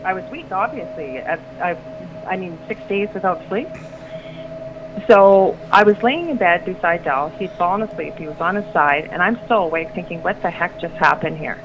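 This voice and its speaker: Here a middle-aged radio guest with a somewhat low voice relates a personal story at a moderate pace. She drifts, begins sentences again, and grows lively when quoting others, all captured in lo-fi audio with noticeable background noise.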